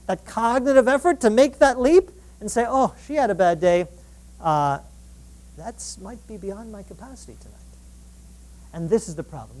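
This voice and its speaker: Animated woman lecturing a live crowd. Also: a little high. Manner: animated, acts out quoted dialogue, frequent restarts. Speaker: relationship researcher giving a public talk. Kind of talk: lively public lecture. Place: live event before an audience.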